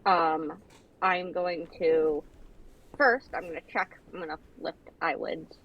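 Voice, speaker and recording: A woman with a low, breathy voice plays in a tabletop game. She talks casually and deliberately. The recording is dull and lo-fi. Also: steady tone. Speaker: player. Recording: dull lo-fi sound.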